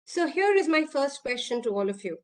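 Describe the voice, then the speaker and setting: A woman's voice: high voice, big pitch swings, a little fast. A woman, an executive coach giving an online workshop talk, earnest and full of questions to her listeners.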